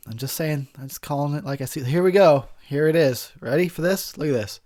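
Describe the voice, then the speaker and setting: A drunk and high man giving a crude, rambling, giggly commentary over a movie he is watching. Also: fairly quick, darkish tone.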